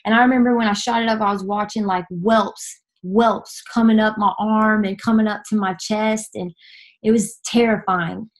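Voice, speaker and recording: A woman's voice: mid-range voice, fairly even intonation. A young woman from Nashville, giving an earnest personal testimony that halts and restarts often. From Nashville, Tennessee. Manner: earnest, halting, many fillers and restarts.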